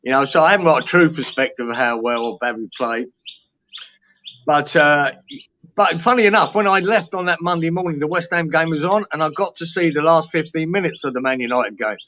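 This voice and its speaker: A man's voice: a little high, brisk, pushed and bright. Tired Cockney man, blunt and sweary. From London. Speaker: guest. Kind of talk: casual chat. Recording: dull lo-fi sound with faint noise.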